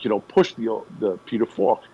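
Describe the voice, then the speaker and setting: A man, a guest on a radio show, retelling a story in an animated way with emphatic pauses. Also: fairly low pitch, slightly rough, dull audio. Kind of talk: conversational storytelling.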